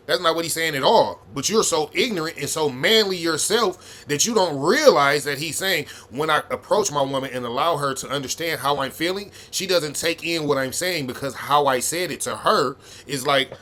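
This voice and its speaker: A man's voice: on the high side, fairly quick, hardly any pauses, sharp tone. A man hosting a reaction video, giving blunt, profane, heated commentary.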